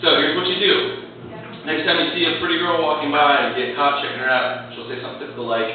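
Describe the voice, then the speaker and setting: A man's voice: fairly high pitch, flat delivery, fast, slight background noise. A man in his twenties doing a crude, rambling, self-mocking stand-up set in a small club. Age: 20s. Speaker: stand-up comedian. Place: small comedy club, live. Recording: echoey lo-fi club recording from far off with crowd.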